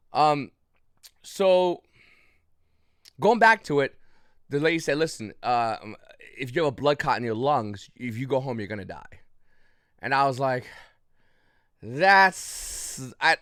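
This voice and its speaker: A man's voice: medium pitch, a bit bright, dry recording, studio quality. A man casually recounting a story to the camera, rambling with restarts and short of breath, with frequent coughs. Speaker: YouTube channel host.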